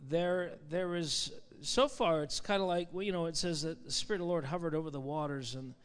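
A man preaching as a pastor in a charismatic sermon, fervent and rising to loud exclamations. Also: on the high side, brisk, clean tone, in a large hall. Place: church sanctuary.

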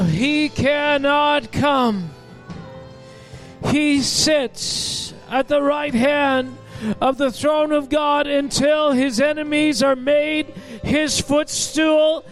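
A man leads fervent intercessory prayer in a very high voice. He draws out every phrase slowly and shouts his pleas. Soft music plays underneath. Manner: impassioned, shouted pleading. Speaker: prayer leader. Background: faint music.

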